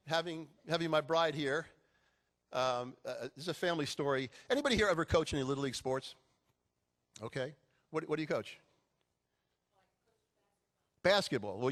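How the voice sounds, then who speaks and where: A man's voice: fairly high pitch, normal speed, long pauses. A middle-aged man giving a motivational speech to a live audience, telling stories with jokes. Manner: animated storytelling with jokes. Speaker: keynote speaker.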